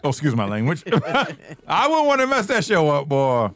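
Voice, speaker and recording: A man co-hosting a casual podcast and trading jokes with his friends. His pitch is a little high and swings widely, and he stretches out his exclamations. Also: noisy background. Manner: animated, joking, drawn-out exclamations. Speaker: podcast co-host. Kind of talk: casual banter.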